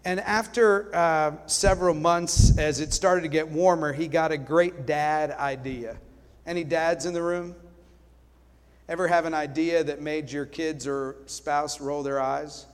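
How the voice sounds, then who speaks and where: A man preaching a sermon as pastor, telling a story and swinging from loud delivery to hushed words. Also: a little high, fairly even intonation, measured pace, clean tone. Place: church sanctuary. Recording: long hall reverb.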